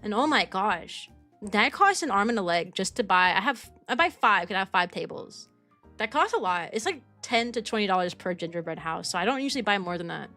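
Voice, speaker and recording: A young adult kindergarten teacher from the United States streams and casually answers viewers, wandering through restarts and fillers. She speaks briskly in a mid-range voice with lively intonation, pushed and bright. Music sits faintly behind her.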